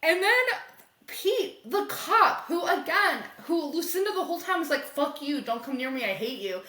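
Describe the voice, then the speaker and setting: A young woman podcast co-host recapping a comic in casual chat, animated and laughing as she acts out the characters' lines. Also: high voice, normal speed. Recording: echoey room.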